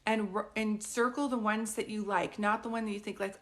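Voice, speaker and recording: A woman's voice: medium pitch, steady tone, brisk. A woman working as a psychic medium, chatting through a live-streamed group reading and often asking whether it makes sense. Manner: chatty, keeps checking "does this make sense".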